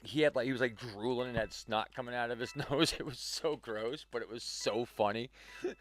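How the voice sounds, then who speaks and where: Speaking at normal speed in a mid-range voice, a game streamer casually tells a rambling story, packed with "like" fillers, restarts, and chuckles.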